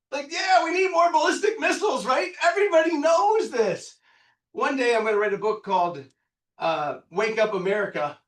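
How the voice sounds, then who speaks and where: A man in his fifties leading a live real estate training workshop, excitable and loud, quizzing the room and swearing freely. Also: high-pitched. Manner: excitable, loud, bursts into yelling; quizzes the audience, punchy and profane. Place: meeting room with a live audience. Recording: echoey room, picked up from a distance.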